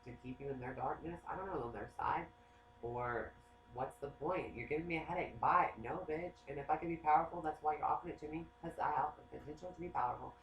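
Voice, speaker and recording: Fast-talking profane man in echoey room. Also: a little high, dull audio. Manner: profane, excitable, rambling. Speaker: psychic. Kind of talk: casual rambling monologue. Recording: echoey room, faint noise.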